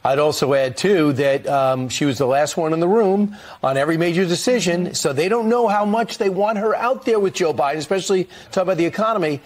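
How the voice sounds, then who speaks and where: A man's voice: high voice, fairly quick, hardly any pauses. A man commenting on a television news panel in a mocking tone. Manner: mocking, acts out quoted lines.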